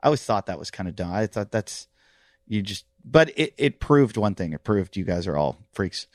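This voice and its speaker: A man hosting a podcast at a gym, telling restless, animated stories in casual chat, with plenty of swearing. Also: fairly low pitch, moderate pace, no echo, studio quality. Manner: animated, profane, restless storytelling. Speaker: podcast host. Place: CrossFit gym.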